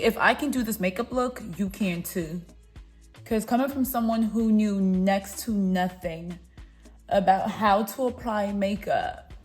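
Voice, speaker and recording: A young woman chatting through her makeup tutorial, playful and encouraging as she talks to her viewers. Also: mid-range voice. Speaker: beauty vlogger. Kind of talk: casual makeup tutorial chat.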